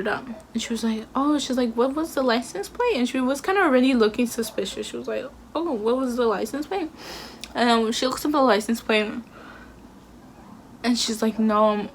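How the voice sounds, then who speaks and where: A woman's voice: a little high, steady tone, normal speed, a little hiss or hum. Chatty young woman telling a story. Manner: chatty, filler-heavy retelling with acted quotes. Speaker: vlogger. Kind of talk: casual storytime.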